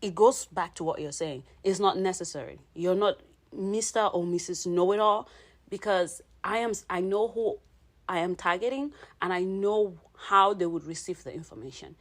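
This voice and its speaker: A woman's voice: on the low side, moderate pace. A woman from Cameroon co-hosting a podcast, explaining in a casual chat and checking in with "right?" as she goes. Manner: explains with repeated "right?" tags, laughs often. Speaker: podcast co-host.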